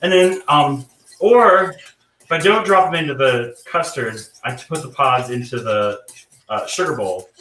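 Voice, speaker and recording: A man's voice: medium pitch, animated, measured pace, bright, forceful tone, roomy sound, recorded from a distance, rough recording. A man from the American South with a General American accent, chatting casually while he cooks, his talk full of "like" and "you know". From North Carolina, raised partly in Georgia. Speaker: guest cook. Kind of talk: casual chat while cooking.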